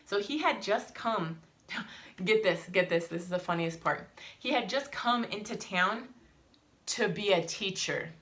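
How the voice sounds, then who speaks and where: A woman's voice: medium pitch, lively intonation, unhurried, a bit bright. A young adult woman, a mother vlogging, telling a story in a heated, emphatic way and swearing. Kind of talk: casual vlog storytelling.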